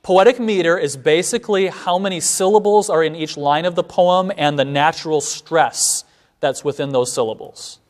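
A man with a slightly high voice lectures a seminary class, explaining ideas step by step. He slows down to recite lines of verse.

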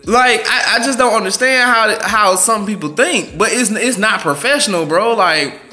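Casting: high, bright-voiced young male vlogger, blunt and slangy, faint music underneath. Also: normal speed. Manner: blunt, slangy, profane, animated. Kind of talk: casual advice rant.

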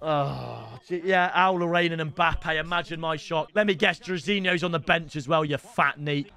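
A young man giving excitable live commentary on a football video game, chatting with his viewers and bursting into shouts. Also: on the high side, moderate pace, vocal fry, hardly any pauses, clean tone. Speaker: streamer.

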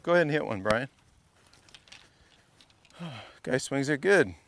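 A man's voice: medium pitch, lively intonation, a little slow, vocal fry, fairly bright tone. A man coaching a student through a golf lesson, playful and teasing, repeating short drill cues over and over. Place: golf academy practice area.

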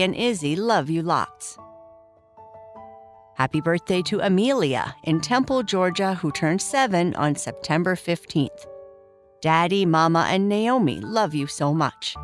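Bedtime story host, female, slow and gentle delivery, slightly low voice, faint music underneath. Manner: slow, soft and soothing, reading names warmly.

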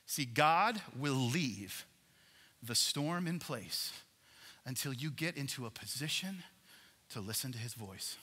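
A man preaching a sermon as a pastor, animated, swinging between loud emphasis and hushed passages. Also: medium pitch, slow pace, big-room sound, a little hiss or hum.

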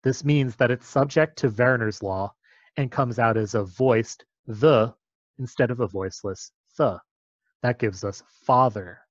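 A man's voice: medium pitch, moderate pace, no echo, muffled recording. Man giving a patient linguistics lecture. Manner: patient, methodical explaining. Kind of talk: explanatory lecture.

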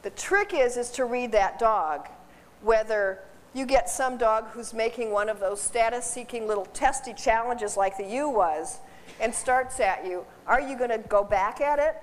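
A woman who works as a dog behavior consultant, giving a seminar in a chatty, animated way, laughing often and repeating her words. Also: a little high, unhurried. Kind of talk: informal seminar talk. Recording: distant voice in a reverberant hall.

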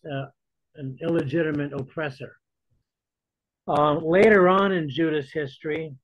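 A man's voice: a little high, no echo. Man teaching Bible study, dull lo-fi sound. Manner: conversational, repeats words when restarting. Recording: dull lo-fi dry recording.

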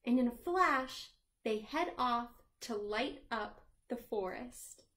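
A woman librarian reading a picture book aloud to children, gently asking them questions along the way. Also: on the high side, expressive, takes it slowly. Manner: sings the chorus lines in a lilting voice.

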